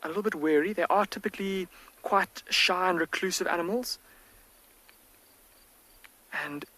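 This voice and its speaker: A man working as a field guide, giving hushed, excited live wildlife commentary outdoors from a safari vehicle, with the mic close to his face. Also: high-pitched, normal speed, low-quality recording. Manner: hushed, near-whispered, excited.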